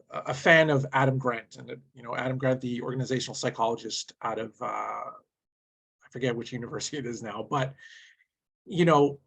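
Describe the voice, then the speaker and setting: A man's voice: mid-range voice, a bit bright, slightly rough. A man hosting a webcast conversation, posing long rambling questions to his guests. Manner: rambling, many fillers and restarts. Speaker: host.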